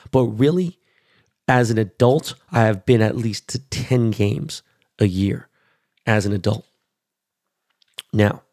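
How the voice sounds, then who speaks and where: A man in his forties from Los Angeles, ranting about sports in a blunt, profane, excitable way as a show host. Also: on the low side, dry recording, studio quality. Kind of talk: casual sports rant.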